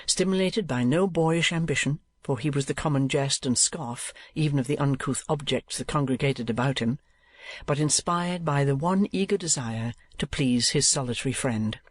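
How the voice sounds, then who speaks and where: A man reading an audiobook in a measured, even scripted narration. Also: medium pitch, breathy edge, dry recording.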